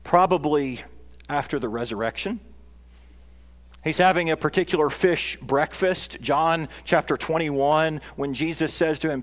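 Pastor guy preaching, earnest, gets loud and emphatic, long echoey church reverb. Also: on the high side, unhurried. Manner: earnest, building to emphatic peaks. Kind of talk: sermon. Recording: long reverb of a large hall.

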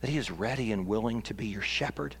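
A man's voice: fairly low pitch, fast, slightly rough. Earnest preaching man in a reverberant hall. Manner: earnest, building to emphatic peaks. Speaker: pastor. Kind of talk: sermon. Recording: long reverb of a large hall.

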